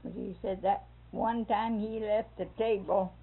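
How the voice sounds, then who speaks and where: A woman's voice: mid-range voice, a little slow, creaky, a little hiss or hum. An older woman tells a family story, acting out the voices as she goes, in a lo-fi phone-like recording. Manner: lively storyteller who acts out voices and laughs often. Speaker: interviewee telling a family story. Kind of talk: oral history storytelling.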